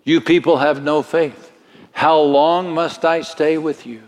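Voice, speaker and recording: Slow, dramatic preacher in a reverberant hall. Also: male voice, fairly even intonation. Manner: slow, dramatic delivery with sudden swells in pitch. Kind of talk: sermon.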